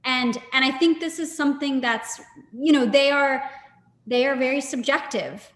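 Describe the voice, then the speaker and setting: A woman's voice: high-pitched, normal speed, a bit bright. A woman, a gallerist, speaking thoughtfully and hesitantly in a live-streamed video conversation. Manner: thoughtful, hesitant, with many fillers. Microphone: video call. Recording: echoey room with long reverb.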